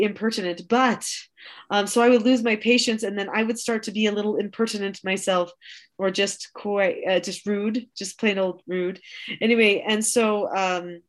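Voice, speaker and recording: Earnest middle-aged mother telling stories. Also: medium pitch. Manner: earnest, reflective, candid. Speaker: podcast host, parenting mentor. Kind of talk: casual conversational storytelling.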